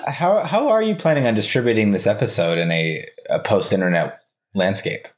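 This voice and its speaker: A man's voice: fairly low pitch, expressive, moderate pace. A man chatting as a guest on a podcast, playful and teasing, inventing fake facts with a straight face. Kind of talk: casual chat.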